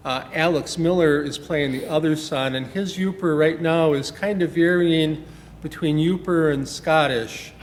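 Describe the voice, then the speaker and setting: A man's voice: fairly high pitch, fairly even intonation, a little slow. Chatty rambling male theater director. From Wisconsin. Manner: chatty, rambling with many fillers and restarts. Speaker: play director. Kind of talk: casual interview. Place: small-town theater stage. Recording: echoey hall with faint noise.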